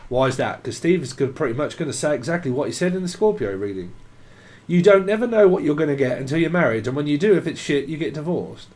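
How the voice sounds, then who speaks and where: A man's voice: a little high, expressive, fast, a little mellow, slight background noise. A man giving a tarot reading, free-associating names and words, swearing and now and then singing snatches of songs. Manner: rambling free association, swearing, breaking into song. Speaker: tarot reader.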